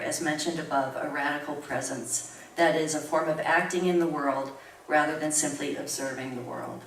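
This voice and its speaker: Brief: woman in her 60s, low voice, measured academic reader, picked up from across a roomy room. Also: slight background noise. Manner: measured, reflective reading, chuckling during anecdotes. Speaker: professor giving a tribute talk. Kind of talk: reading a prepared academic talk with personal asides. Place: university lecture room. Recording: roomy room recorded from far off.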